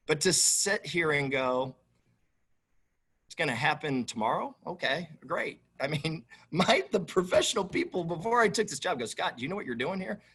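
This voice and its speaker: The head football coach, fairly high in pitch with a husky quality, answers press conference questions. He is emphatic and animated, and he repeats himself.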